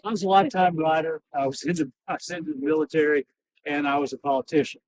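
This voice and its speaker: A man giving a first-person historical monologue as a costumed reenactor, talking in a halting, folksy way full of pauses. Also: a little high. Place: outdoors in a cemetery. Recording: outdoor recording from a distance.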